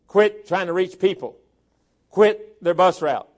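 A man preaches with a notably high voice, reading out scripture verse after verse. He hits the key words hard and loud, then slips into folksy, chatty asides. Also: lively intonation, takes it slowly, long pauses. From southern Tennessee and northern Alabama, US.

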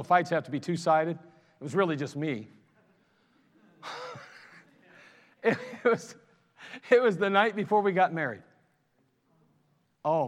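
High-voiced preacher in a reverberant church. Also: male voice. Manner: animated, conversational preaching with self-mocking asides. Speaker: pastor. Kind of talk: sermon. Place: church sanctuary. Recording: long reverb of a church hall.

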